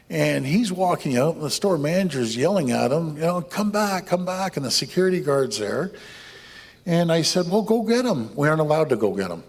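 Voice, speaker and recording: A politician telling an animated anecdote at an event, laughing as he goes. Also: medium pitch, vocal fry, husky. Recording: echoey hall, heard from a distance.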